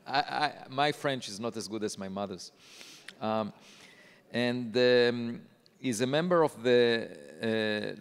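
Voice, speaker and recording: Man, conference host, low voice, hesitant with many fillers, long hall reverb. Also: unhurried, clear, resonant tone. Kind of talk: speaker introduction.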